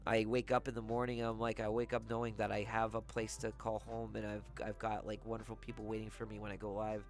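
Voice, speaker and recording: A livestreamer in casual chat with viewers, talking softly and haltingly with many pauses, sounding heartfelt. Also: mid-range voice, completely flat delivery, faint music behind. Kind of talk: casual chat to a live audience.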